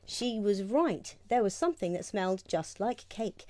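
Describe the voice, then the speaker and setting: A woman co-hosting a show, reading a children's rhyming picture book aloud in a lively, giggly sing-song way on a lapel mic. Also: medium pitch, normal speed, hardly any pauses, no room sound. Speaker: co-host and reader.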